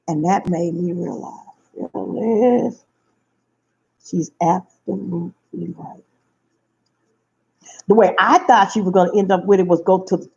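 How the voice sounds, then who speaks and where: A woman's voice: lowish voice, moderate pace, gravelly, darkish tone, breathy edge. A woman, telling a personal story to her viewers in an emphatic way that repeats her phrases. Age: 50s. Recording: dull lo-fi recording.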